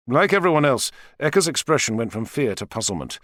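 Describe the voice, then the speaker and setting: A man narrating an audiobook in an expressive, dramatic style. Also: mid-range voice, fairly quick, hardly any pauses, dry recording, studio quality. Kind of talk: scripted narration.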